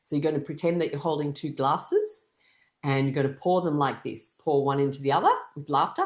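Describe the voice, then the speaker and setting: Low, animated woman leading a laughter class, lots of rhythmic ha-ha bursts, echoey room. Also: moderate pace. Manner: bursts into loud rhythmic fake laughter between instructions. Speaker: laughter yoga teacher. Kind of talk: guided laughter exercise session.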